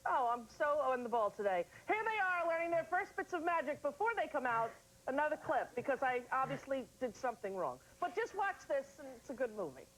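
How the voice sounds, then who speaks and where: A middle-aged woman hosting a studio talk show, playful and animated, slipping into silly voices. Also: sits high, fairly quick, poor audio.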